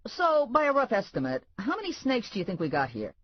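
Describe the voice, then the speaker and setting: Swaggering male cop, loud and teasing, husky lively delivery, read by a woman. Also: mid-range voice, a little fast, dry recording, highs cut off, pitched above the performer's own voice.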